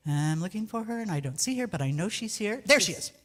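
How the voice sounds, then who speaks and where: A woman's voice: medium pitch, animated, quick pace, a bit bright, in a large hall. A woman giving church announcements as volunteer coordinator, chatty and joking, often correcting herself.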